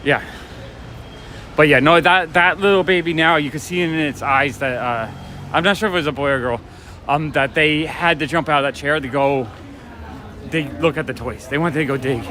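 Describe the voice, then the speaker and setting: A man's voice: on the high side, normal speed, sharp tone, slight background noise. Chatty man on a street walk. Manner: rambling, chatty storytelling with laughs. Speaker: vlogger and toy shop owner. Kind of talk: casual walk-and-talk vlog. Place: outdoors on city streets.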